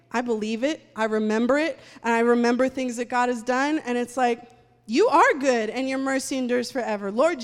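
A woman preaching a sermon and leading prayer in a church, speaking with fervent conviction. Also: on the high side. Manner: fervent, rising to loud praying. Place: church sanctuary. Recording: long hall reverb, faint music.

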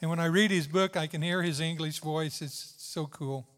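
High-voiced fervent preacher in a reverberant hall. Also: male voice, fairly even intonation, moderate pace, fairly bright tone. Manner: fervent, tender, repetitive emphasis. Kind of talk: sermon.

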